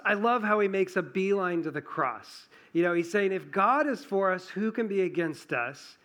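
A male pastor preaching an earnest sermon in a church, rising for emphasis and dropping low and soft. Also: animated, normal speed, hardly any pauses.

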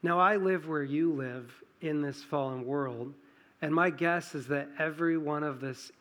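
A male pastor preaching an earnest sermon in a church, rising for emphasis and dropping low and soft. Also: a little slow.

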